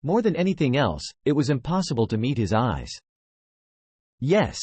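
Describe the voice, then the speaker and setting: A man reading a fantasy web novel aloud as scripted audiobook narration, with steady storytelling and small shifts for the dialogue. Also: medium pitch, normal speed, slightly rough, no echo.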